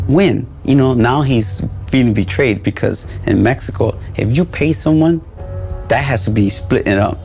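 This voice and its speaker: A man's voice: mid-range voice, normal speed, creaky, darkish tone, soft background music. A man telling his own story in a podcast interview, acting out the dialogue in a blunt and profane way.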